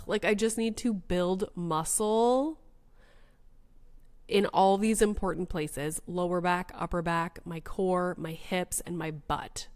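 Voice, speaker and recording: A woman's voice: on the low side, darkish tone. A woman hosting a solo podcast, telling a story in chatty, rambling casual talk that is full of filler words. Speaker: podcast host.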